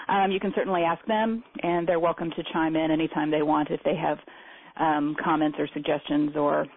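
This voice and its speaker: A woman's voice: fairly low pitch, slightly rough. A woman hosting a live meeting on a call, talking in a chatty, rambling way with many fillers and restarts. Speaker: meeting host. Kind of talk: casual spoken presentation. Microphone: phone or conference line. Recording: tinny phone line.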